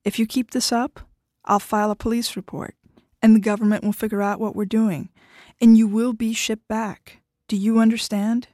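A woman's voice: fairly high pitch, little pitch movement, moderate pace, dark tone, no echo, clean studio sound, natural voice. A woman reading the lines of a firm, blunt estranged wife who is running out of patience. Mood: angry.

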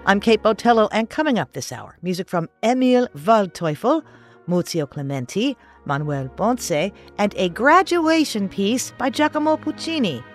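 A woman's voice: medium pitch, moderate pace. A woman hosting a classical music radio show, chatty and explanatory as she introduces the pieces. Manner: chatty, explanatory, lively delivery. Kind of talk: radio hosting, scripted announcing.

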